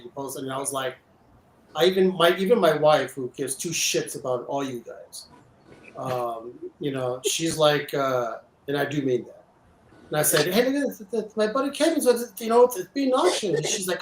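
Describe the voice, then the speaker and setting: A man's voice: fairly high pitch, a little hiss or hum. A man hosting a casual chat, talking enthusiastically with many stumbling restarts. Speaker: host. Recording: echoey room.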